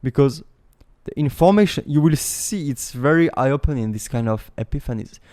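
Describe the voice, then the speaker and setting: Mellow-voiced man explaining a meditation technique. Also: medium pitch, normal speed. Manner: animated, explanatory, swears casually. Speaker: meditation teacher. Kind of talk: casual spoken teaching.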